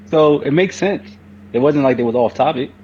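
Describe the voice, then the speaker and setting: A man's voice: medium pitch, measured pace, darkish tone, lo-fi sound, a little hiss or hum. A man co-hosting a casual podcast chat, speaking informally with loose grammar. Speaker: podcast co-host.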